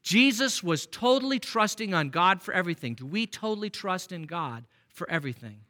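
A man's voice: sits high, lively intonation, fairly quick, sharp tone. A man preaching a sermon, reading scripture and asking the congregation conversational questions. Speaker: pastor.

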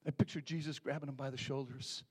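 A middle-aged man preaching a sermon, telling a story with animated acted voices and hushed moments. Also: medium pitch, quick pace, husky. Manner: animated storytelling, acting out voices, dropping to near whispers. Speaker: pastor.

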